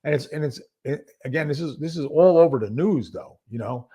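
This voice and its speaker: A man talking as a podcast guest, telling his story in a casual, animated way and acting out what other people said. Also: a little high, fairly quick, breathy edge. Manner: casual speech with many fillers. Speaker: podcast guest, former narcotics detective. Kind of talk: conversational storytelling.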